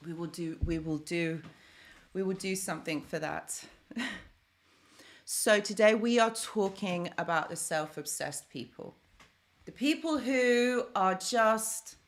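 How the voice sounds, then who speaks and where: A young woman chatting on a live stream, thanking viewers by name as she talks. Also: lowish voice. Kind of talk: casual live stream chat.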